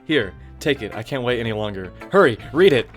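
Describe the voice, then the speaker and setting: A man's voice: mid-range voice, sing-song, brisk, soft background music, natural voice. A man reading aloud as a shy, obsessive teenage girl with a fixated, breathless way of talking. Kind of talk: reading game dialogue aloud.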